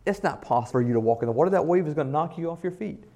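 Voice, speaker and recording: A male preacher voicing a sly tempter who whispers doubts, in a lower, hushed, coaxing tone. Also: expressive, very fast. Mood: taunting.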